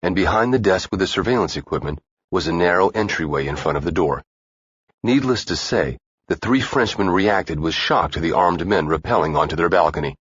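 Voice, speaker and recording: A man narrating a thriller audiobook in a steady, even-paced reading. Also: deep voice, breathy edge, no room sound. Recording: dull dry lo-fi recording.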